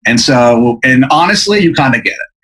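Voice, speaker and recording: A man's voice: mid-range voice, animated, moderate pace, a bit bright, poor audio. Rambling man telling a comic tale. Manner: rambling, lots of fillers, laughs mid-sentence. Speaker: podcast host. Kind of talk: improvised comedic storytelling.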